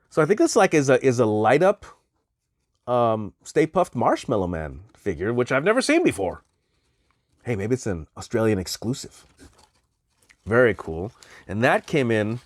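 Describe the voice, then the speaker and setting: A man chatting excitedly as he unboxes a package of collectible toys, exclaiming at each find. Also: a little high. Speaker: toy collector vlogger. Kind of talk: casual unboxing chat.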